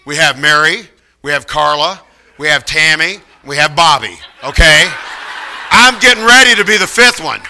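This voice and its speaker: Middle-aged preacher guy, high bright voice, acts out everyone in his story. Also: normal speed. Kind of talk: sermon storytelling.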